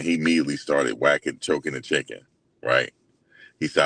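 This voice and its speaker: A young man hosting his own channel, retelling a story in a loose, slangy way full of fillers, animated and incredulous as he quotes others. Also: rumbling low, fast talker, dry recording. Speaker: host. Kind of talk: casual storytelling recap.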